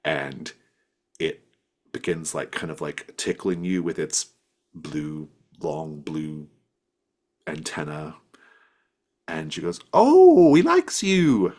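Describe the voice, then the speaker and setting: A man's voice: extremely low pitch, level tone, slow, pauses often. A man narrating as game master of a tabletop role-playing game, loosely, with lots of fillers. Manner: loose, rambling with many fillers.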